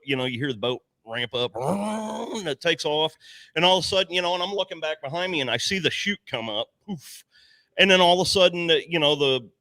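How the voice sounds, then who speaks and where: A man's voice: fairly high pitch, dry recording. A man telling a story in a casual podcast chat, swearing often and acting out the other people's lines. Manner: animated, profane storyteller who acts out dialogue. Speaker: podcast panelist.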